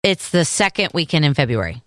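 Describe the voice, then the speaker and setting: A woman's voice: low-pitched, a little fast, dry recording. Wry woman co-hosting a radio show. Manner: relaxed, wry, short replies. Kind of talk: casual banter.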